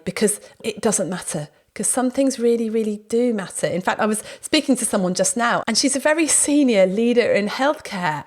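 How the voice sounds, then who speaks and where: A woman hosting a podcast, telling anecdotes in a lively, casual way. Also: mid-range voice. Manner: lively storytelling, acts out quoted speech. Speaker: podcast host.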